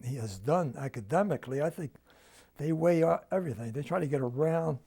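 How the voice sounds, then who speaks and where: A man's voice: a little high, animated, fairly quick, creaky, warm tone, husky. An older man with a New Jersey accent, telling family stories in an oral history interview at home and acting out the dialogue. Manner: storytelling, acts out quoted dialogue.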